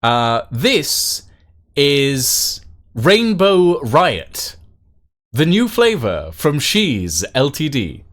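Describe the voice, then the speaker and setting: A man talks casually on a live stream, circling his point with "um" and "like" as he goes. His pitch moves around a lot while his pace stays slow and easy. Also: big pitch swings, a bit bright. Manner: rambling with many fillers and restarts.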